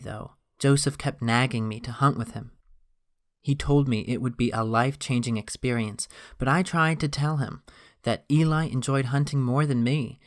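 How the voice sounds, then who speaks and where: A man narrating a first-person story in a steady, even reading voice. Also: medium pitch.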